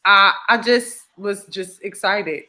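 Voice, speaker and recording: A woman giving an emotional personal testimony, animated and acting out what others said to her. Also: medium pitch, takes it slowly. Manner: animated storyteller acting out quoted dialogue. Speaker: testimony guest.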